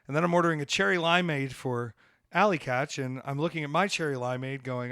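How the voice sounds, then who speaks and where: A man from the American South, hosting a podcast and telling a story in a loose, animated way, swearing now and then. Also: on the high side, a little fast, dry recording, studio quality. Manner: animated, swearing, acts out voices in quotes. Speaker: podcast host. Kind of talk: casual storytelling.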